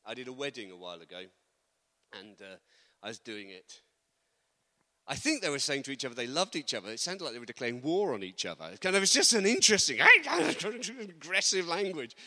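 A man preaching a sermon, animated, acting out quotes with humorous asides. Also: fairly high pitch. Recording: long reverb of a large hall.

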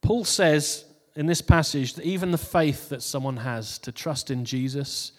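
A man's voice: fairly high pitch, unhurried, in a large hall. A man giving a casual New Year sermon who reads out funny posts and laughs at his own jokes before turning to scripture. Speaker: preacher.

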